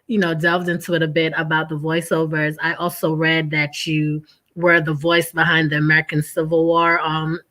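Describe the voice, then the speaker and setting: A woman hosts an interview in an enthusiastic, encouraging way. Her voice is a little lower than most women's. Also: level tone, moderate pace, fairly bright tone. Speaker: interview host. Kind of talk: casual interview.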